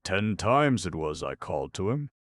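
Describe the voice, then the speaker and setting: A man's voice: low-pitched, sing-song, normal speed, no room sound, clean studio sound, pitched above the performer's own voice. A man voicing a gossipy magpie who chatters on, excusing herself, in a storybook reading. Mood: chattering. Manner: gossipy, laughing.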